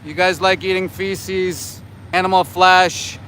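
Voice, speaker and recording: A man's voice: high voice, little pitch movement, takes it slowly, sharp tone, slight background noise. Sarcastic man livestreaming outdoors. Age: 40s. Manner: sarcastic, scolding, talks back to chat. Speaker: livestreaming activist. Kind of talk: livestream chat with viewers. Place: outdoors near a slaughterhouse by homes.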